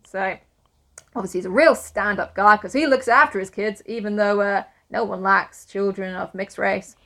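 A woman's voice: medium pitch, steady tone, moderate pace, fairly bright tone. Sweary young woman chatting. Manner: blunt, sweary, laughing often. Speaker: podcast co-host. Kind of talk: casual book discussion chat.

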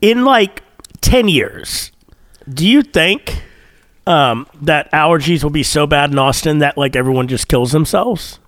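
A goofy, playful man hosting a casual podcast, a little sniffly. His voice sits high for a man and bounces around a lot. The mic is close and dry. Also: lively intonation, a little slow, fairly bright tone, no echo. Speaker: podcast host. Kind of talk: casual banter.

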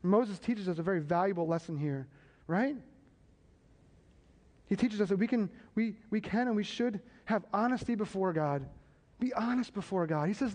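A man preaching a sermon, building emphasis and tossing quick asides to the congregation. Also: high voice, expressive, a little mellow. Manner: preaching with rising emphasis and repeated call-and-response asides. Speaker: pastor. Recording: long hall reverb.

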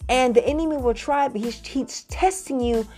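A woman preaching in a faith podcast, reading scripture slowly and urging her listeners to say the words back to her. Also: high-pitched, faint music behind. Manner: expressive, calls on listeners to repeat after her; slows down to read scripture with emphasis. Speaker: faith coach.

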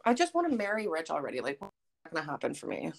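A young woman co-hosting a podcast over a remote call, joking deadpan and swearing casually. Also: sits low, fast talker, creaky. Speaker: podcast co-host. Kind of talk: casual chat.

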